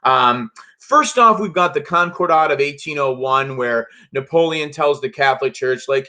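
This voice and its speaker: A man's voice: on the high side, moderate pace, bright, forceful tone. A man teaching a casual history review lesson to students, talking loosely with many fillers and restarts. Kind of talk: casual classroom review lecture.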